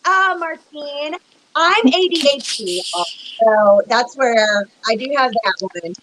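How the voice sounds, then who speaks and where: A woman's voice: high-pitched, expressive, slow, a bit bright, slight background noise, poor audio. A woman co-hosting a psychic reading livestream, talking emotionally and directly to the chat viewers. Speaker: psychic reader and co-host.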